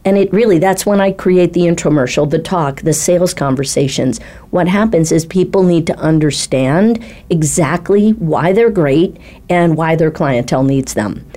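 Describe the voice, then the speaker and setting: Lively woman telling a client story. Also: low voice, moderate pace. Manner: lively, acts out quoted voices. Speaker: speaking coach and talk ghostwriter. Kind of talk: animated storytelling in a panel chat.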